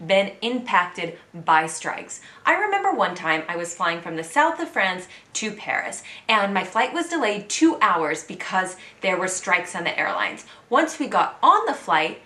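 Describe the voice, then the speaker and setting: A woman's voice: mid-range voice, big pitch swings, unhurried, hardly any pauses, pushed and bright, roomy sound. An American woman in her thirties chatting candidly to camera as a vlogger living abroad. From United States. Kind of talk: casual chat to camera.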